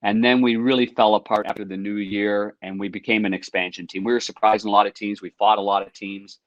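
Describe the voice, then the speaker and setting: Low-voiced man telling lively stories. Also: quick pace, dry recording, highs cut off. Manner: lively anecdotes, acted-out quotes. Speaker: podcast guest, former hockey goaltender. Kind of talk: casual storytelling.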